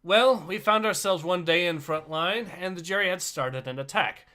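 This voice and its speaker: A man's voice: high voice, moderate pace, sharp tone. A man co-hosting a story livestream, introducing each story and reading one aloud. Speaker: livestream co-host. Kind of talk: reading stories aloud and chatting.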